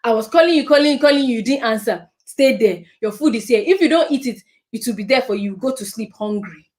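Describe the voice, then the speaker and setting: A woman's voice: fairly high pitch, lively intonation, quick pace, natural voice. A woman acting out an adult relative who impatiently scolds a small child. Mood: scolding. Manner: loud, impatient, nagging.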